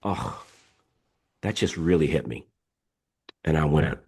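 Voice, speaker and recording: Leading a live coaching session by video call, a middle-aged man speaks slowly in a very deep, breathy-edged voice, pausing often. Even so, he talks emphatically, repeats himself and tells stories with animation.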